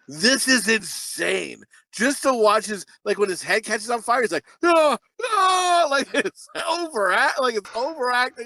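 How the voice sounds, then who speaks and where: A man's voice: high voice, bright, forceful tone, no echo. A man co-hosting a casual movie podcast, rambling and laughing as he cracks crude jokes. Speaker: podcast co-host.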